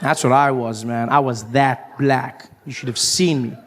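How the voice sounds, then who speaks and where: A man's voice: mid-range voice, steady tone, unhurried, slight background noise. A South African man doing a stand-up comedy set, wry and self-mocking, acting out people as he talks. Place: live comedy stage.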